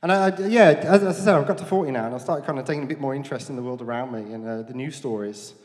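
Here the same kind of performer, a forties-aged man from Dudley, England, with a Black Country accent, riffs self-deprecatingly and talks with the audience between jokes at a comedy club. He uses a handheld mic, and his mid-range, darkish voice moves very fast under a long reverb tail.

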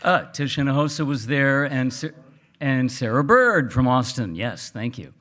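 Earnest man, halting speech. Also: medium pitch, animated, fairly bright tone. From South Texas. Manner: halting, many fillers, earnest. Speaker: author speaking at a book event. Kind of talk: casual remarks to an audience.

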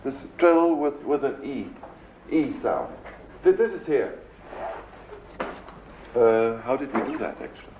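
A man with a German accent giving a live lecture as a composer, pausing to search for English words and imitating sounds with his voice. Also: mid-range voice, very animated. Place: lecture hall. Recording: roomy dull 1970s lecture recording with faint hiss.

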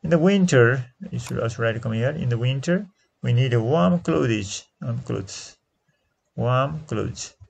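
A man with a Nepali accent teaching an English lesson, repeating each answer slowly and switching into Nepali to explain. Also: mid-range voice, lively intonation, creaky, slightly rough.

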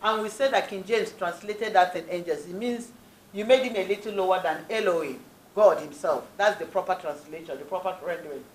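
A woman's voice: lowish voice, fairly quick, a little hiss or hum. A woman preacher giving a sermon with scripture reading, emphatic, repeating key phrases and often saying "praise the Lord". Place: church hall. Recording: echoey church hall.

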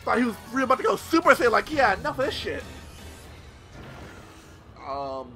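High, excitable young man yelling at a game. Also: normal speed, low-quality recording. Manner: excitable, yelps and swears at the game. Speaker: let's play gamer. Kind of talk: live gameplay commentary. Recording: loud game music behind voice. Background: game music.

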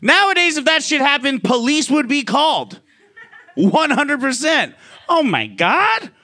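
A man with a very high, bright voice performs stand-up comedy. He talks in a loose, chatty way, sprinkling in "like" and swearing freely. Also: sing-song, measured pace. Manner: casual, profane, lots of "like" fillers.

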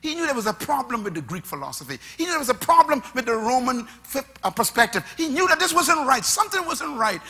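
A high-voiced male preacher with a husky, sharp tone. He delivers his sermon in lively swoops, listing his points emphatically and swinging between loud bursts and quiet asides. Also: brisk, few pauses.

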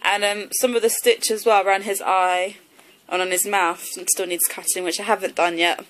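A woman's voice: medium pitch, fairly even intonation, moderate pace, fairly bright tone, a little hiss or hum, poor audio. Girl in her 20s doing a casual haul vlog, rambly, lots of ums and likes. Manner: chatty and rambling, many fillers like um and like. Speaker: vlogger.

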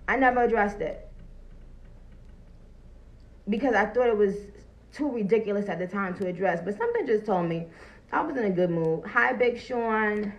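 A woman, talking loudly and profanely on a phone livestream and greeting viewers as she goes. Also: mid-range voice, normal speed, long pauses, dull audio. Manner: loud, profane and animated, greeting viewers between points. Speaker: livestream host. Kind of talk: casual livestream talk.

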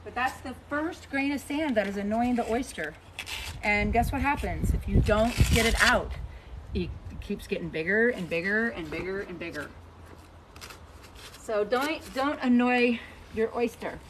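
A woman's voice: mid-range voice, animated, normal speed, noisy background. A woman from Missouri, a horse trainer talking casually to camera outdoors while trimming her horse's hoof, joking and folksy.

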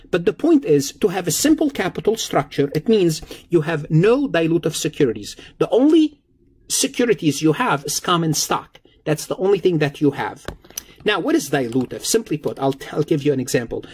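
A man's voice: on the high side, slightly rough. A man lecturing on accounting in a recorded lesson, explaining patiently and repeating key points with everyday examples.

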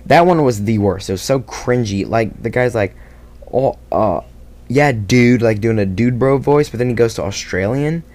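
A man's voice: medium pitch, expressive, normal speed, few pauses, darkish tone. A man casually talking about his own video, rambling and self-critical with lots of fillers and restarts. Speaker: video creator. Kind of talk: casual behind-the-scenes vlog talk.

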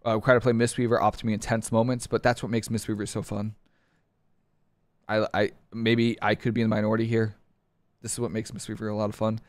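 A man's voice: lowish voice, little pitch movement, fast, no room sound. A man giving casual, rambling commentary on game patch notes, restarting sentences often and stating his likes and dislikes plainly.

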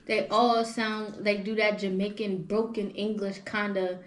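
A young woman hosting a podcast, telling travel stories in animated slang-filled casual chat. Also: medium pitch, unhurried. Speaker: podcast host. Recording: echoey room with faint noise.

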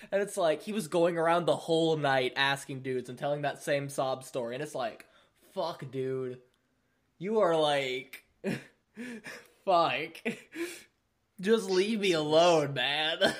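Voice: mid-range voice, measured pace. Laid-back, foul-mouthed podcast storyteller. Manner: profane, laughing, animated storyteller. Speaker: podcast host. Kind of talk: casual storytelling chat.

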